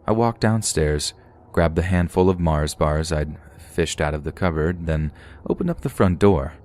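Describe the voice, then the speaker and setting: A man with an extremely deep, low voice narrates a scripted first-person horror story. He tells it in a steady, even way and draws out the tense parts. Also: normal speed.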